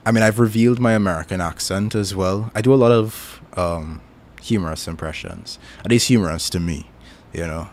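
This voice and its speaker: Low-voiced Trinidadian man chatting casually. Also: slight background noise. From Trinidad and Tobago. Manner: rambling, self-deprecating, chuckles often. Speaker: streamer. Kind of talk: casual chat stream.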